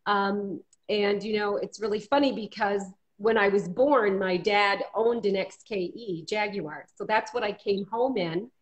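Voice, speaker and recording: A woman's voice: mid-range voice, steady tone, measured pace, few pauses. A woman being interviewed as a guest, telling personal stories in a chatty, upbeat way over a video call. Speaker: guest, marketing company president. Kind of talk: casual interview storytelling. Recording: dull lo-fi call audio, faint noise.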